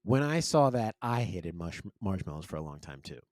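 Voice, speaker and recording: A man's voice: low voice, sing-song, normal speed, a little mellow, no room sound, studio quality. A man co-hosting a podcast, chatting casually and laughing while recapping a cooking show. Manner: joking, laughs often, reads a recap aloud. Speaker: podcast co-host.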